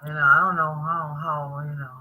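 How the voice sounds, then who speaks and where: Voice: medium pitch, level tone, normal speed, crowd noise, poor audio. A laid-back chat partner giving short, easygoing replies in a casual conversation.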